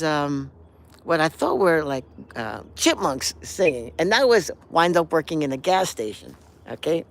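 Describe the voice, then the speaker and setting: A man in his sixties, hosting a live stream and telling a rambling, animated story, now and then humming melodies and acting out quotes. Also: fairly high pitch, gravelly. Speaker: host.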